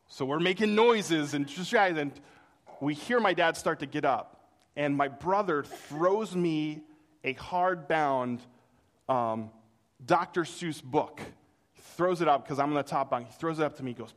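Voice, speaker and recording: A middle-aged man preaching a sermon, telling a childhood story with animated delivery and acting out the voices in it. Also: fairly high pitch, normal speed. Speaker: pastor.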